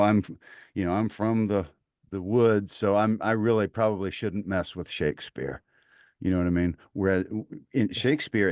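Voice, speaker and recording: A man's voice: low voice, darkish tone, no room sound, studio quality. A man from Mississippi with a Southern accent, talking enthusiastically as a podcast guest, rambling with lots of fillers. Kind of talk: casual conversation.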